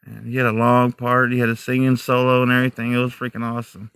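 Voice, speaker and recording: Outdoors in the woods at night, a chatty livestream host talks straight to viewers and laughs a lot. Raised in many U.S. states, he has a mixed American accent blending Midwestern, Southern and Northern traits, and speaks fast with a completely flat delivery in a clean, fairly bright mid-range voice with no echo.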